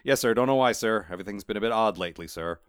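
A man's voice: lowish voice, rapid-fire, clear, resonant tone, no room sound, clean studio sound, lightly acted. A man reading aloud and voicing a nervous, fawning male talking cat who keeps calling someone sir. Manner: anxious, eager to please, keeps saying sir.

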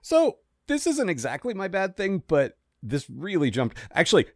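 A man's voice: sits high, wildly swooping pitch, a little mellow, dry recording, clean studio sound. A man co-hosting a podcast, chatting casually and rambling with frequent restarts. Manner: rambling, self-interrupting, quick bursts. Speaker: podcast co-host. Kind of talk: casual chat.

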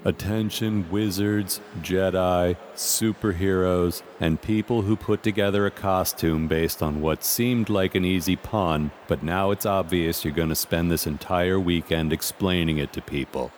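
A man voicing a sarcastic, bored announcer at a convention, deadpan in tone. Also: deep voice, a little slow, few pauses, a little hiss or hum.

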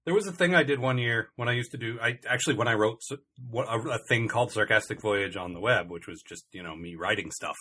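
A man co-hosts a casual comedy podcast, his voice bright with a husky edge. He rambles, starts over mid-sentence, and keeps slipping in dry complaints for laughs. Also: medium pitch, fast talker, few pauses. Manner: rambling, self-interrupting, dry complaining humor. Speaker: podcast co-host.

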